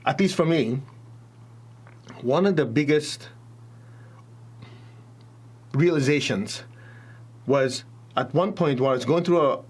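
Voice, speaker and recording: A man's voice: fairly high pitch, slow pace, long pauses, husky. A man teaching a spiritual talk, telling stories animatedly and speaking straight to his audience. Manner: animated storytelling, addresses audience directly.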